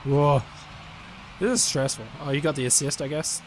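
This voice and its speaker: A man playing a car soccer game as a guest, chatting casually, excitable, swearing and yelling at the plays. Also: on the high side, normal speed, a little hiss or hum. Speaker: guest co-player. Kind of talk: casual gameplay chat.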